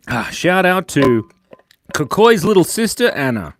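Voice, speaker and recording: Lively cheerful man chatting on a live stream. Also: on the high side, takes it slowly, gravelly, a little hiss or hum. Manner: cheerful, chatty, thanks viewers constantly. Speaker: host of a live drawing stream. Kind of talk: live-stream chat while drawing. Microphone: clip-on lapel mic.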